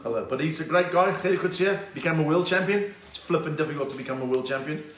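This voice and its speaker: A man's voice: on the high side, fast, fairly bright tone, reverberant, distant mic. A man telling jokes in a chatty live stream, acting out characters and chuckling. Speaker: stand-up comedian. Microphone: phone.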